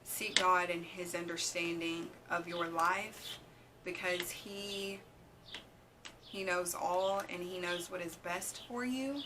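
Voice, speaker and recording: Slow earnest mom vlogger. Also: female voice, on the low side, fairly even intonation, background noise. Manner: slow, earnest, with frequent ums and restarts. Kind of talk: casual heartfelt vlog talk.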